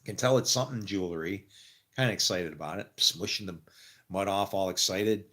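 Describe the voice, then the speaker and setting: A middle-aged man with a low voice tells a personal story in loose, rambling fashion. He laughs often, trails off and restarts, and acts out other people's lines in sudden higher voices. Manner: rambling, animated, quick to laugh and quote people. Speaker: actor telling his faith story. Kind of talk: casual storytelling.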